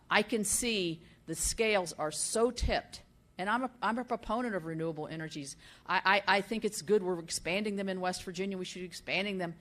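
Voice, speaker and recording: Low-voiced older woman senator giving a speech. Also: a bit bright. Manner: folksy storytelling with frequent fillers and restarts. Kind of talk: speech at a business summit.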